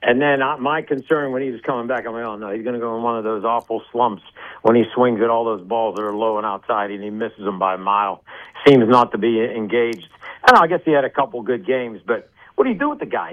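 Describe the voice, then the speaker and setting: A man's voice: medium pitch, lively intonation, brisk. A man co-hosting a casual podcast, hesitant and stammering, often repeating himself. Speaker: podcast co-host. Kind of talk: casual chat. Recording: dull lo-fi sound.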